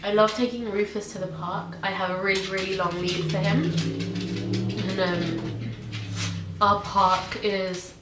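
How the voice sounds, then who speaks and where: A young woman from Britain or Ireland chats casually about her pets in a home vlog, a pet tag video full of ums and likes. Her voice is medium in pitch with fairly even intonation, and she speaks unhurriedly. The room is echoey with a faint hiss.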